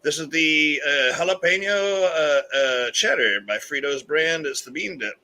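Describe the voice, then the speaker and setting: A man's voice: a little high, lively intonation, a little slow, sharp tone. A man chatting upbeat and casually as a guest on a live video call, with playful exclamations. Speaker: guest on a live beer show. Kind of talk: casual live-stream chat.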